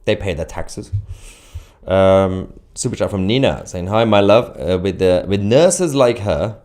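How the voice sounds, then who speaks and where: Deep-voiced man hosting a live stream. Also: lively intonation, measured pace, a little mellow. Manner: chatty with many fillers and restarts, laughing often. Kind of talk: casual live stream commentary reading viewer chats.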